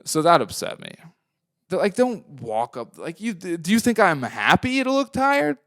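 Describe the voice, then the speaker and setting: A man's voice: high-pitched, huge pitch swings, moderate pace, gravelly, a bit bright, dry recording, studio quality. A young man hosting a podcast, talking casually in a rambling, profane monologue that swings into heated rants. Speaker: podcast host.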